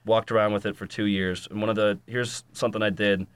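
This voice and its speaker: A young man sits in as a guest on a casual podcast, his voice on the lower side. He tells his story loosely, swears freely and acts out the lines of the people in it. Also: little pitch movement, quick pace, smooth, no room sound. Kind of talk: casual chat.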